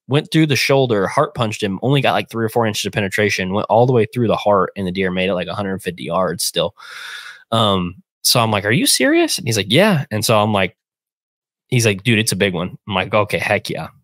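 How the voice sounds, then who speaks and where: A young man casually retelling a hunting trip, animated and acting out the voices in a phone call. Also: on the low side, fairly quick, no echo. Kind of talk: casual storytelling.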